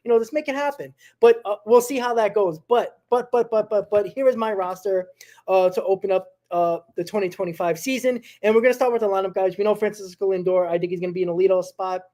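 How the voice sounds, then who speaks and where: A man co-hosting a sports talk show, talking casually and haltingly with frequent restarts. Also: high-pitched, fairly even intonation, dark tone. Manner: halting, lots of restarts and fillers. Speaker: podcast co-host.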